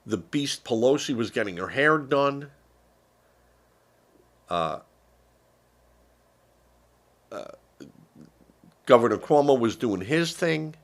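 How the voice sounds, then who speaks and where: A man's voice: mid-range voice, animated, takes it slowly, long pauses. An older man from the United States who is feeling unwell, giving rambling, sarcastic political commentary with lots of fillers on a live stream.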